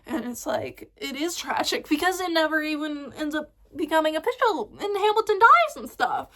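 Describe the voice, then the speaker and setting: A young woman ranting excitedly in a casual fan vlog, rambling with lots of fillers and swearing. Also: high voice, moderate pace. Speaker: vlogger.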